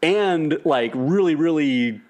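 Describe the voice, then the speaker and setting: A man co-hosting a podcast, chatting casually about a film in an animated, wry way and swearing freely. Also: fairly high pitch, slow pace. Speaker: podcast co-host. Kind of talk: casual film review chat.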